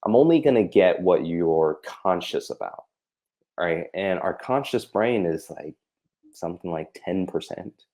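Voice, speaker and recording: A man with a deep, mellow voice explains his practice to a colleague in a relaxed conversation. He keeps acting out back-and-forth exchanges between himself and a patient and fills his talk with "you know" and "right?". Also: measured pace. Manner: acts out patient and practitioner dialogue, many fillers. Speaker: holistic practitioner.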